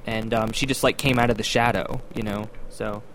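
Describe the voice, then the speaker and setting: A man hosting a comedy show, setting up a bit in a playful, halting way with lots of fillers. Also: fairly low pitch, fairly even intonation, a bit bright, a little hiss or hum. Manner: playful, hesitant setup with fillers. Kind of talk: comedy chat.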